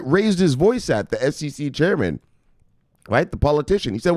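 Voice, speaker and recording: This crypto news host's voice is on the high side and a little mellow, very animated at a normal speed. He talks casually, swearing, laughing, and making playful asides as he comments on the news, captured in clean studio sound with no echo.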